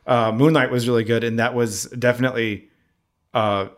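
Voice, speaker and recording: A man co-hosting a casual talk show, relaxed and hesitant, laughing easily as he talks. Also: medium pitch, moderate pace. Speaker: podcast co-host. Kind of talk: casual chat.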